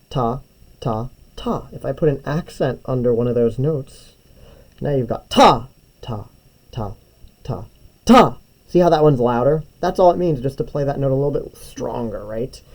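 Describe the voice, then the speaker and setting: Young male music teacher, warm low-key tone, patient step-by-step instruction. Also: rough recording. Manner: patient, step-by-step, often checks with "right?". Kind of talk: drawing tutorial lesson.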